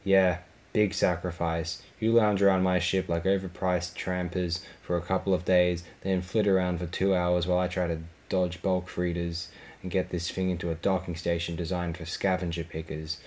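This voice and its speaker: A man's voice: deep voice, level tone, normal speed, a little mellow, lightly acted. A man voicing a grumpy, aging frigate captain who growls with contempt. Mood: contemptuous.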